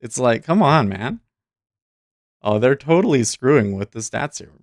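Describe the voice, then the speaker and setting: A man's voice: medium pitch, big pitch swings, a little slow, dry recording. A man hosting a casual livestream, talking in a rambling, chatty way with frequent restarts, into a close desk mic. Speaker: host.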